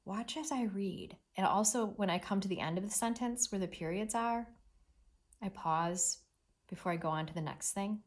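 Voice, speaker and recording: A woman's voice: mid-range voice, normal speed. A woman teacher giving a read-aloud reading lesson, talking expressively to children.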